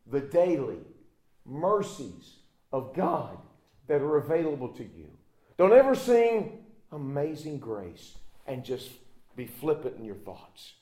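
Dramatic storytelling male preacher, echoey. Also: medium pitch. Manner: storytelling, acts out voices, swings from loud to hushed. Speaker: pastor. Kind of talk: sermon.

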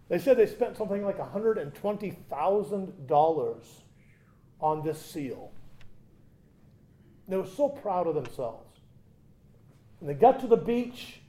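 A man preaching a sermon, moving between loud emphatic points and quiet conversational asides with humorous stories. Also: high voice. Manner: conversational, tells humorous anecdotes. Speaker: pastor.

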